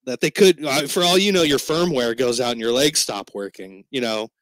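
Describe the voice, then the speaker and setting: A man's voice: mid-range voice, moderate pace, a bit bright, no room sound. A man co-hosting a podcast, talking casually and animatedly about a comic book, rambling and swearing now and then. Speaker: podcast co-host.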